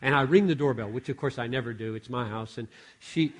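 Older male preacher, animated storyteller, mid-pitched voice. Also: fairly quick. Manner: animated storytelling with self-corrections. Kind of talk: sermon with acted-out story.

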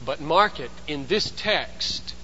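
A man preaching a sermon as pastor, emphatic, swinging between loud urgency and hushed intensity. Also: fairly high pitch, expressive, takes it slowly, muffled recording, a little hiss or hum.

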